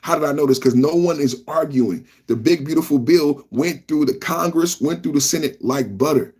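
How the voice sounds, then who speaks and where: A man hosting a live reaction podcast, ranting loudly, repeating himself and talking straight to his chat. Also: on the high side, moderate pace, husky. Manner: loud, repetitive, talks straight to chat. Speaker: podcast host.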